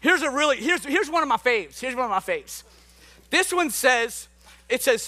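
Man, pastor, lively sermon, high voice, bright tone, playful with the crowd. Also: normal speed. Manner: playful, jokey and animated with the crowd. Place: church hall with a congregation.

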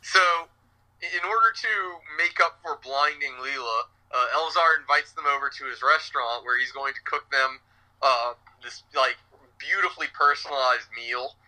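Bright-voiced male co-host chatting. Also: medium pitch, moderate pace, poor audio. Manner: relaxed, fills in details, quotes lines. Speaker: podcast co-host, teacher. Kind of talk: casual chat recapping a cartoon episode.

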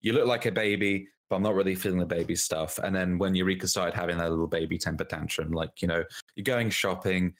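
A man chatting casually as co-host, reviewing a show with quick asides and laughs. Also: deep voice, fairly even intonation. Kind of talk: casual podcast chat.

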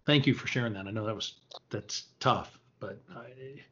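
Soft-spoken male interviewer, dull audio. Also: mid-range voice, moderate pace. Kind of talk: interview conversation.

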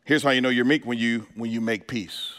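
In a church sanctuary with hall reverb, a male pastor preaches a sermon, firing questions at the congregation and asking if they're ready in call-and-response asides. His mid-range voice is steady, slightly bright and fairly quick.

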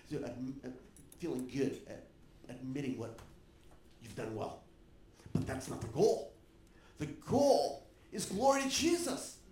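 A man preaching a sermon, animated and joking with the congregation. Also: high voice, echoey room. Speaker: pastor.

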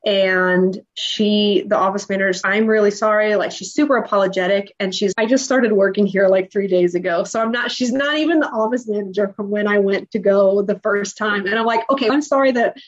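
A woman in her thirties tells her own story as a podcast guest. She is emotional and animated and acts out the lines of the people in it. The recording sounds dull and lo-fi. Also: mid-range voice, a little fast, few pauses. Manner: emotional, animated retelling with acted-out dialogue. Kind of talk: personal storytelling in an interview.

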